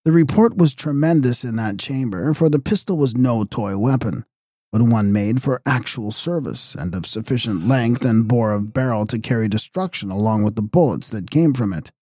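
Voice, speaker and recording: A male audiobook narrator reads a gothic novel with measured drama. His voice is dark and mellow with some huskiness, and the recording is dry and close. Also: mid-range voice, animated, dry recording.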